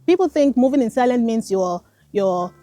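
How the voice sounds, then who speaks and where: A woman's voice: fairly high pitch, moderate pace, soft background music. A woman with a Nigerian accent, a coach, talking casually and earnestly to the camera in a garden, repeating her points and calling the listener darling. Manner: earnest, repetitive, animated, addresses listener as darling. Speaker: life coach. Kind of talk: casual motivational talk to camera. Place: garden, outdoors.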